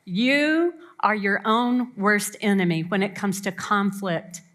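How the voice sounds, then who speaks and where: A woman's voice: medium pitch, slow pace, a bit bright. Earnest storytelling woman speaker. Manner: earnest, self-deprecating, storytelling. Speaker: family camp speaker. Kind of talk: warm personal talk to an audience.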